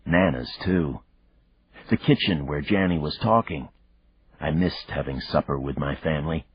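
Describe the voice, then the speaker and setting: A man reading a thriller audiobook in the first person, measured and reflective. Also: rumbling low, breathy edge, no room sound. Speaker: audiobook narrator. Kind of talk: first-person scripted narration. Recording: dull lo-fi dry recording.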